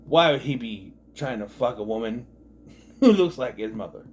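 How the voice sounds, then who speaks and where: A man's voice: medium pitch, lively intonation, moderate pace, slight background noise. A man in his thirties giving a casual episode recap, rambling and sarcastic, full of fillers and asides. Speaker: TV show reviewer.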